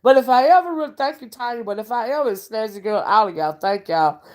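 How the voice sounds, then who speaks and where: With a lively, somewhat high voice and a quick pace, a woman livestreams from her kitchen as she makes dinner. The self-styled oracle reads viewer comments, calls listeners honey and child, and thanks viewers by name in casual, folksy chat.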